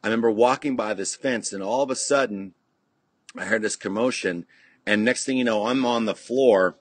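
A man's voice: fairly low pitch, moderate pace, husky, dry recording. A middle-aged man from California, a podcast guest, telling stories in a laid-back, rambling way and swearing freely, with many restarts and "you know"s. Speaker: podcast guest, punk musician. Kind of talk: casual storytelling. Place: podcast studio.

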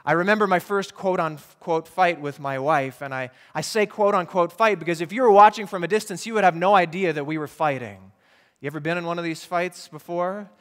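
A high-pitched man gives a sermon from a church stage, earnest and direct, putting questions to his listeners. His voice rings with a long hall reverb. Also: fairly quick, fairly bright tone. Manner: earnest, rhetorical questions to the congregation. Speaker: pastor. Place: church sanctuary.

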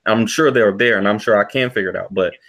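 A man's voice: on the low side, fast talker, fairly bright tone. A man giving a casual movie review, rambling with lots of "you know" fillers. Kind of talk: casual podcast review chat.

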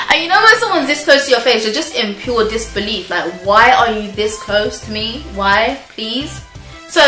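A young woman telling a storytime on her vlog, animated and chatty, laughing often as she talks. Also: a little high. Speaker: vlogger. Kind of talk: casual storytime chat. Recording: roomy echo with faint music.

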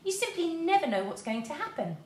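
A woman's voice: very high-pitched, very animated, brisk, slight background noise, voice pushed up. A woman voicing a merry young girl from a storybook. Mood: amused. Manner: amused. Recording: roomy echo.

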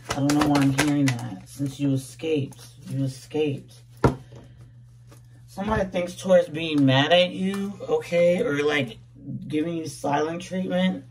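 A tarot reader in a casual reading, voice going a bit hoarse, talking in a playful, slangy way with lots of repeated words and "okay?". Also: mid-range voice, darkish tone, far from the mic, slight background noise. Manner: jokes about putting on a fake accent.

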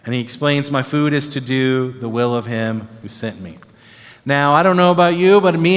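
A man teaching the Bible as a pastor, animated and conversational, often checking in with his listeners. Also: mid-range voice, normal speed. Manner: animated, conversational, acts out disciples' reactions with tag questions. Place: church. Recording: long reverb of a church hall.

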